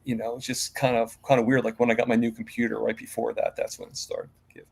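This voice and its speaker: A man's voice: medium pitch, flat delivery, fast talker, gravelly, darkish tone, breathy edge. A man as an interview guest in a casual live-stream chat, rambling with many fillers and restarts.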